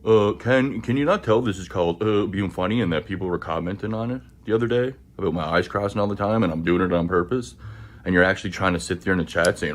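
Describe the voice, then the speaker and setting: A man's voice: low-pitched, lively intonation, quick pace. A man ranting angrily in a clip, hurling profane accusations at rivals. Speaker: rival streamer in a played clip. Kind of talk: angry rant.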